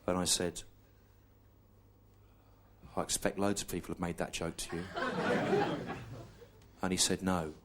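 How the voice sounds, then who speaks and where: A male stand-up comedian telling a long story in a deadpan, slow, repetitive way, over audience laughter. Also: low-pitched, very noisy.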